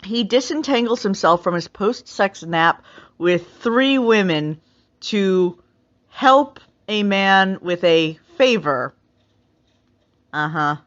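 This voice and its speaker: Laughing frequently, this woman hosts a reaction video with casual, sarcastic remarks. Her voice is lowish yet fairly bright. The audio has a slightly muffled, lo-fi quality.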